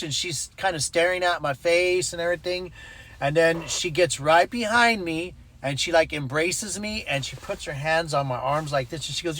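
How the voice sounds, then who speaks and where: A man's voice: a little high, moderate pace, a bit bright. A man telling a personal story in a casual vlog, acting out the voices in it and adding preachy asides. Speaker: ministry network leader.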